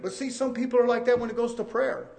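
A man preaching a sermon, swinging from loud to hushed. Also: extremely high pitch, steady tone, quick pace, vocal fry.

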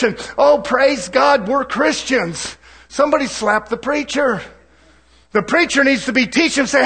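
Man, preacher, church sermon, very high voice, shouting then dropping to quiet asides.

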